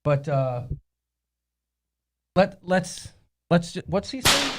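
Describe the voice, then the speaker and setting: A man's voice: high voice, very animated, slow, pauses often, heavy background noise. A man hosting a casual show, chatting in a rambling way and often cutting himself off. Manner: chatty, rambling, self-interrupting. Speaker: show host. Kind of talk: casual chat.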